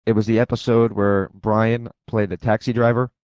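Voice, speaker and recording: A man's voice: on the low side, little pitch movement, darkish tone, clean tone, no echo. A man co-hosting a radio talk show, giving blunt, opinionated takes and launching into rants. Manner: blunt, opinionated, quick to rant. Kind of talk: casual radio debate. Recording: dull dry AM radio broadcast.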